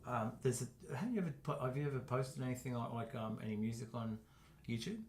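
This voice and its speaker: A man's voice: mid-range voice, quick pace, darkish tone, a little hiss or hum. A middle-aged man, co-hosting a podcast in rambling, joking casual chat full of restarts. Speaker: podcast co-host.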